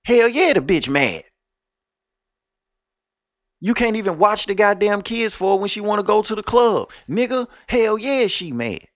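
A man's voice: high voice, very animated, moderate pace, pauses often, no room sound, studio quality. A man hosting a podcast, ranting at listeners in a blunt, profane, scolding way. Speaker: podcast host. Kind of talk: ranting monologue.

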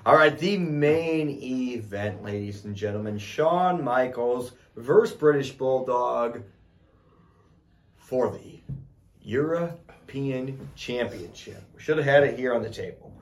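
A man's voice: medium pitch, animated, slow. A man co-hosting a casual wrestling recap podcast, joking and laughing often, a little tipsy. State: a bit tipsy. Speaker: podcast co-host.

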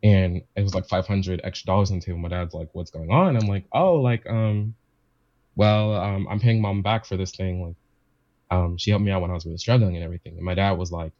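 Casual male storyteller, deep voice, rambling and repetitive, dry lo-fi sound. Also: flat delivery, quick pace, warm tone, dry recording. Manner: rambling, repeats himself, quotes family members. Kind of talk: casual chat, personal story.

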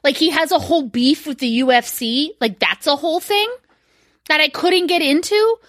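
A young woman co-hosts a podcast in casual chat, rambling, swearing, and giggling often. Her high, expressive voice moves at a moderate pace, with heavy background noise in the recording.

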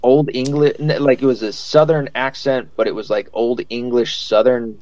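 A man's voice: mid-range voice, steady tone, moderate pace, a little mellow, dull audio. A man hosting a podcast in casual chat, rambling with lots of fillers and swearing freely. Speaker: podcast host.

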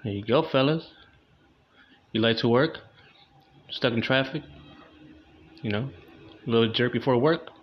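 A man's voice: mid-range voice, measured pace, pauses often, a little hiss or hum. A young man doing a loose, crude, slangy stand-up comedy monologue, in a dull lo-fi recording.

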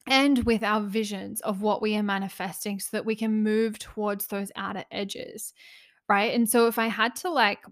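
Brief: young woman, passionate spiritual coach, winded and breathy, close mic, mid pitch. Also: a bit bright. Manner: earnest, passionate, uses "like" often. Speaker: spiritual coach and podcast host. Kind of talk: casual solo podcast monologue. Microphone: close podcast mic.

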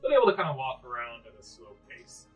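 A woman's voice: rumbling low, sing-song, fast, far from the mic, phone-quality sound, soft background music. A woman running a tabletop game as game master, narrating in a loose, chatty way. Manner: loose and chatty, many fillers.

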